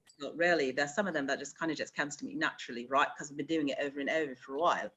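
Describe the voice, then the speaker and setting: A Jamaican actress in an interview, telling stories animatedly and slipping into patois. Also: female voice, sits low, racing. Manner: animated storyteller, slips into patois. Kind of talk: conversational interview.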